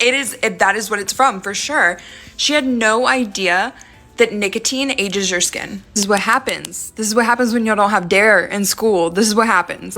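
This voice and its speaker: A woman giving her emphatic opinions in a casual vlog, telling a story with animated asides. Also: mid-range voice. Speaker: social media commentator. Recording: faint background music.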